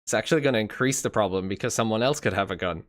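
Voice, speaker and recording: A man's voice: on the low side, very fast, fairly bright tone. A man from England who speaks with an American-sounding accent, giving his views in a rambling way on a live stream. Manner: rambling, many fillers and restarts. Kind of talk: casual live-stream chat.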